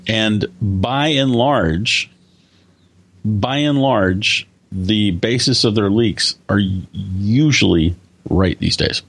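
A man co-hosting a casual tech podcast, giving firm opinions in quick bursts. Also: lowish voice, vocal fry, a bit bright, breathy edge. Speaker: podcast co-host.

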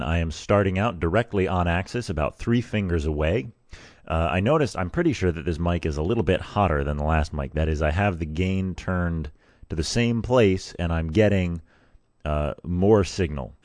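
A man's voice: low voice, darkish tone, dry recording. A man hosting a podcast and testing microphones, talking casually in a rambling, self-correcting way, right up on a studio mic with a pop filter. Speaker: podcast host. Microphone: studio microphone, very close with pop filter.

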